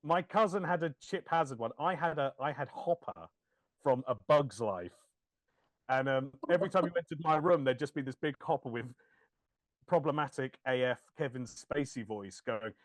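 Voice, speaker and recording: Brief: lively man, podcast co-host, jokey storyteller, up-and-down pitch, dry close sound. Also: moderate pace, no echo. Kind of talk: casual chat.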